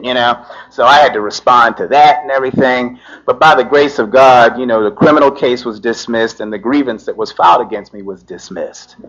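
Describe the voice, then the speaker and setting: A middle-aged man, a lawyer, telling a personal story in an animated way, filling his talk with "you know" and laughing as he goes. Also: mid-range voice. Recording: dull lo-fi recording.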